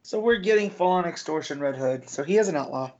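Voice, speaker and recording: A man's voice: a little high, animated, fast, darkish tone. A man chatting on a comic book podcast, dropping wry, sarcastic quips. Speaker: podcast co-host. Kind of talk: casual comic book review chat. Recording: dull lo-fi audio.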